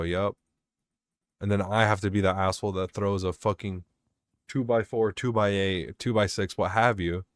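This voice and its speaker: A man's voice: fairly low pitch, no echo, studio quality. A young man rambling and swearing as he vents about work over his gameplay commentary. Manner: rambling, swearing, venting, self-mocking. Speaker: gaming vlogger.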